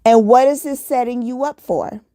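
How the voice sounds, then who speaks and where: A woman with a fairly high voice delivers a motivational monologue straight to her listeners. She speaks earnestly and hammers her points home by repeating them. The sound is dry and close, with no room echo. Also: normal speed, dark tone. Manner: earnest, repetitive, preachy exhortation. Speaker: motivational vlogger.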